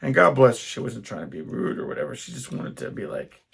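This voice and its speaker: A young adult man hosts a casual solo podcast, telling rambling stories and often stopping to restart his sentences. His mid-range voice is gravelly and husky, sing-song and fairly bright, and he talks at a quick pace.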